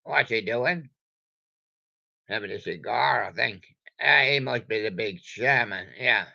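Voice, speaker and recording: A man's voice: mid-range voice, a little slow, vocal fry, pushed and bright, lo-fi sound. An older man rambling playfully to himself in a meandering solo monologue. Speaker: vlogger.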